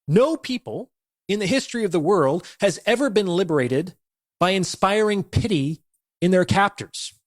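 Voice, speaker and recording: A man's voice: sits high, no room sound. Intense, declamatory man, bone-dry sound. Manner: forceful, declamatory, profane. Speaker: motivational speaker. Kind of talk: intense motivational monologue.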